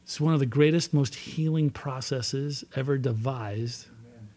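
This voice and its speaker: A man's voice: mid-range voice, a little slow, dark tone. Earnest man telling his recovery story. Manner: earnest storytelling, emphatic repetitions. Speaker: recovery meeting speaker. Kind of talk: personal testimony talk.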